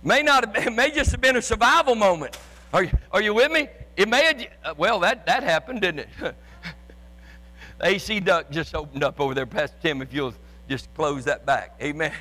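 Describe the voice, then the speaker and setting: This pastor's impassioned preaching comes in a very high, piercing voice that frequently breaks into shouting, with stammered restarts as he trips over repeated words and keeps going. He is animated and moves at a moderate pace. A long reverb suggests the large church sanctuary where he addresses a live and online congregation.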